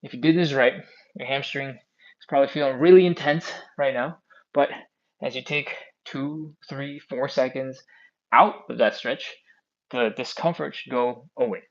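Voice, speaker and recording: A man leads a live stretching session from a phone, counting each hold aloud and chatting easily with his viewers. His voice sits at a middle pitch, and the phone audio sounds dull and lo-fi. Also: moderate pace. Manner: counts down aloud, chatty, reads out chat comments. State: a bit out of breath. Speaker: stretching class host. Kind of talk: live follow-along stretching class. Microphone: phone on a stand.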